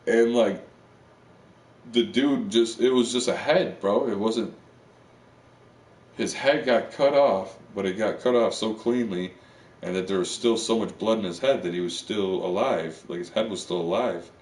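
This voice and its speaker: A man's voice: fairly low pitch, a little slow, a little mellow. A man streaming live, rambling on in a casual, profane monologue full of fillers. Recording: echoey room, far from the mic.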